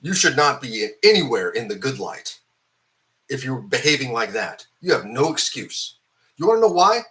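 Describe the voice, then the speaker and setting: A man's voice: medium pitch, lively intonation, normal speed, pushed and bright. A hung-over man ranting about a film in a profane, angry, rambling way, full of fillers. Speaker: film reviewer.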